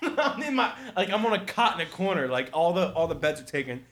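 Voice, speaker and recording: A man's voice: high voice, very animated, brisk, a bit bright. A young man telling a profane party story in casual chat, often laughing as he talks. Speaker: storyteller guest.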